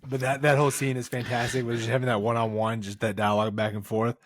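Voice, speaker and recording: A man's voice: mid-range voice, little pitch movement, fast, no echo, studio quality. A man co-hosting a podcast, recapping a comedy film in casual chat and laughing often. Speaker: podcast co-host.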